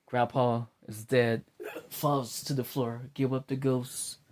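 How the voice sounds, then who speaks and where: A man's voice: medium pitch, slow pace. A man casually retelling a dramatic story and acting out its scenes. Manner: animated, acts out scenes.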